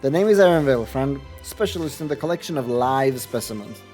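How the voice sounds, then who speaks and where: A man voicing a curt young male hunter, reading game dialogue aloud in a dry, clipped, formal way with sudden loud stresses. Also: mid-range voice, expressive, fairly quick, faint music behind, lightly acted.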